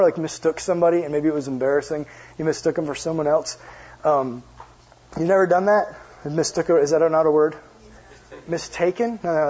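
This youth pastor is a young man with a slightly high, somewhat mellow, husky voice. He preaches to a youth group like he's telling a story among friends, relaxed and jokey, regularly turning to quiz the listeners and making playful side remarks. The audio is lo-fi and dull.

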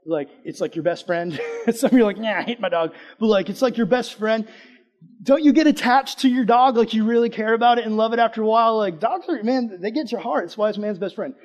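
Man, casual sermon, chatty, slightly high voice, swings from loud to hushed. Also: a little fast. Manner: chatty, conversational, asks the audience questions; lively, swings between loud emphasis and hushed asides.

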